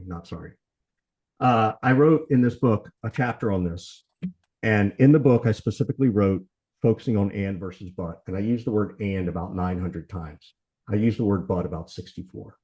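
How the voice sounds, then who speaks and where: A middle-aged man from Georgia giving a sales training talk, talking fast and conversationally, often tagging lines with "right?" and "you know" while acting out sales dialogue. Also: fairly low pitch, dark tone. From Southern US, Georgia. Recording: slightly dull sound.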